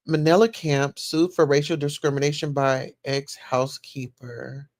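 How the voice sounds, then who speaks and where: A woman's voice: sits low, a little slow, no room sound, clean studio sound. A woman hosting a casual livestream, chatting as she reads news and viewer comments aloud and reacts to them. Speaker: livestream host.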